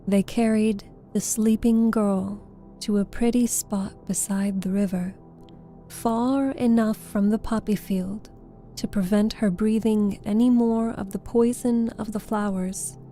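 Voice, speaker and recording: A woman narrating a classic children's audiobook in a slow, gentle storytelling way. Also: medium pitch, steady tone, soft background music.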